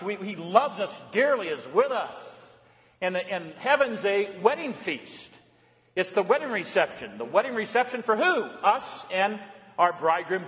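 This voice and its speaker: High-voiced preaching man in a reverberant church. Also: fairly bright tone. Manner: emphatic preaching, asks and answers his own questions. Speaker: pastor. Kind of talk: sermon.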